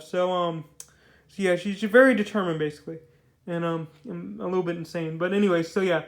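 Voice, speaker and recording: Casting note: young male comic reviewer, chatty and rambling, high-pitched, roomy echo. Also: steady tone, a little fast, creaky. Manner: rambling, filler-heavy, repeats words. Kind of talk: casual video review. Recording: echoey room.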